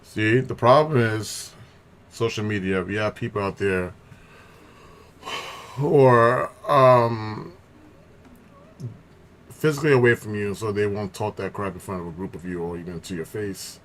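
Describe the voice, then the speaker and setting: Blunt man with a low voice. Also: a little slow, long pauses, fairly bright tone. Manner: blunt, emphatic, cuts in with interjections. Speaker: reaction video host. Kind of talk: casual commentary.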